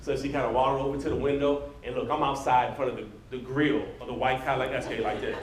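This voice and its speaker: Fast-talking man telling a story on stage. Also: medium pitch, reverberant, very noisy. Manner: animated, conversational storytelling with laughs. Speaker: motivational speaker. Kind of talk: storytelling speech to a live audience. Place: large event room with an audience.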